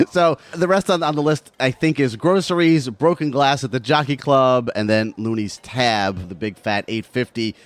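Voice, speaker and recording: A man hosting a podcast, chatty and quick to laugh, asking his guest questions. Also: mid-range voice, dry recording. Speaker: podcast host. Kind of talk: casual chat.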